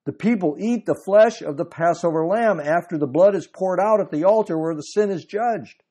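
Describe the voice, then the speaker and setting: A man delivering a sermon, moving between reading scripture aloud and explaining it. His voice is mellow and warm, sitting a little higher than most men's. He presses hard on key phrases with emphatic swells. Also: moderate pace. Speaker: preacher.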